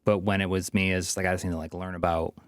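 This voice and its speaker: A slightly tipsy man with a low voice muses aloud as a podcast co-host. He talks in loose, wandering thoughts. The sound is dry, with no room echo. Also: flat delivery, fast talker, smooth. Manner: musing, loose and rambling. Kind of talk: casual chat.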